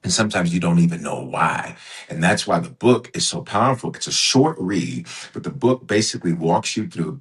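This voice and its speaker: A man, a bishop and author, talking as a podcast guest with a preacher's cadence, emphatic and repeating his phrases. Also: deep voice. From United States. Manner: emphatic, repeats phrases, acts out inner voices. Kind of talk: conversational interview with preacher's cadence.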